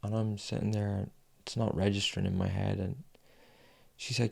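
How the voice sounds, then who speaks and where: A young man speaks in a low, deeply gravelly voice with a warm, dark tone. He tells his story frankly and rawly, with plenty of swearing. He breaks it up with long pauses and sighs. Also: steady tone. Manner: raw, frank and heavy with swearing. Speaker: fitness vlogger. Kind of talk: confessional personal storytelling.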